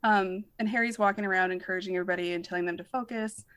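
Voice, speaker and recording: A woman's voice: mid-range voice, fairly even intonation, very fast, a crowd in the background. A young woman co-hosting a casual podcast, chatty and laughing often. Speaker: podcast co-host.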